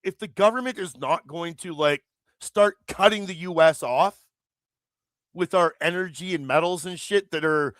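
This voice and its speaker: Man from canada, livestream host, angry profane rant, slightly high voice, dry close sound. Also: normal speed, fairly bright tone, no room sound. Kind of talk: heated political rant.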